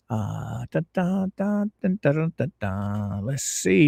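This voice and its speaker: A middle-aged man from Florida, hosting a casual livestream and greeting his viewers in a folksy, drawn-out way. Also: medium pitch, creaky, breathy edge, dry recording, studio quality. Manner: folksy, drawn-out greetings, lively ups and downs. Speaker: livestream host.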